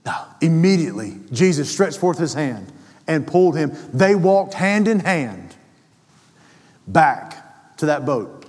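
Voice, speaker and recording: High-voiced preacher in a reverberant hall. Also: male voice, big pitch swings, unhurried, breathy edge. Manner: rising to impassioned, near-shouted climaxes; folksy, calls listener brother. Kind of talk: sermon.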